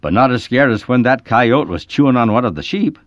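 A man's voice: medium pitch, animated, a little fast, no echo, voice pushed up, lightly acted. A man voicing a laconic young male sheep rancher who answers in as few words as he can, on a dull lo-fi recording. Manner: terse, drawling, few words.

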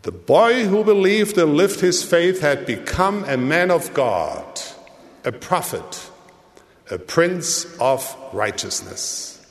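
A man giving a sermon in a measured, deliberate way, with his voice rising and falling for emphasis. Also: on the high side, lively intonation. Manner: slow, measured delivery with dramatic rises and drops. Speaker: church leader. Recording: long hall reverb.

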